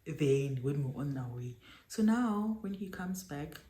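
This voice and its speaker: A woman's voice: deep voice, measured pace. A young South African woman with a South African accent telling a dramatic story in a storytime vlog, switching between languages as she goes. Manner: animated, dramatic retelling with code-switching. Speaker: YouTuber. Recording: echoey room with faint noise.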